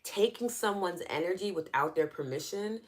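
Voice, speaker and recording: A woman with a New York accent hosts a live online EFT teaching session, explaining things earnestly and conversationally while answering viewer comments. Her voice is lowish and animated, at a moderate pace.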